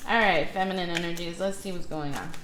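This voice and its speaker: A woman's voice: fairly low pitch, fast, a bit bright, roomy sound, a little hiss or hum. Woman, tarot reader, casual rambling advice, fillers and self-corrections, faint room ambience. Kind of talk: casual spiritual advice monologue.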